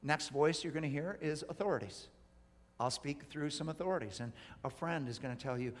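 A pastor preaching a sermon, swinging from hushed whispers to loud, urgent appeals. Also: male voice, mid-range voice, a little fast, long reverb tail.

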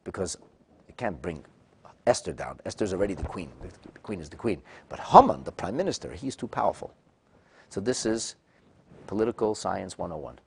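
Low-voiced man giving a lively text lecture. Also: a little fast, gravelly, slight background noise. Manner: animated, acts out quoted speakers with sudden loud bursts; frequent restarts and repeated words. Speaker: Torah teacher.

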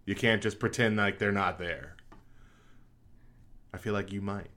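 A man's voice: lowish voice, unhurried, pushed and bright. A man co-hosting a podcast in casual chat, chatty and self-mocking and laughing often. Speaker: podcast co-host.

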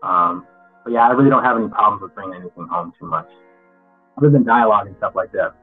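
A man's voice: fairly low pitch, expressive, quick pace, vocal fry, breathy edge, soft background music. Frank man over a tinny phone line. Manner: reflective, frank, restarts sentences often. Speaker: actor interviewed as guest. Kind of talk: candid interview answers.

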